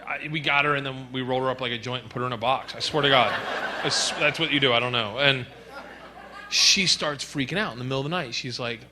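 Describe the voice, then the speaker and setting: A man performing a stand-up comedy set on stage, telling stories loudly and animatedly, with shouted bits. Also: medium pitch, fast talker, background noise. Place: comedy stage before a live audience. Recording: live club recording with audible audience.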